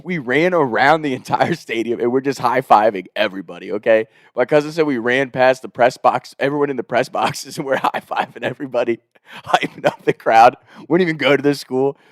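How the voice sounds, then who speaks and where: A man's voice: a little fast, no room sound, clean studio sound. A young man casually telling a story, laughing often, swearing freely and acting out the people he quotes. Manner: acts out quoted people with shifts in pitch and loudness.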